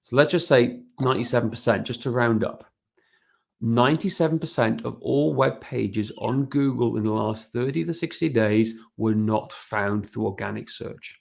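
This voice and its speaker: A man's voice: medium pitch, normal speed, creaky. A man on a podcast as a guest and business owner, talking energetically and often checking in with "right?". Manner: energetic, keeps adding "right?" tag questions. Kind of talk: casual podcast interview.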